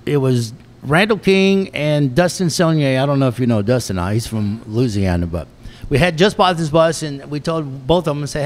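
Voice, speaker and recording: A man's voice: medium pitch, normal speed. A man hosting a casual talk show, rambling through stories and laughing often. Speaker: host. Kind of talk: casual radio-style show chat.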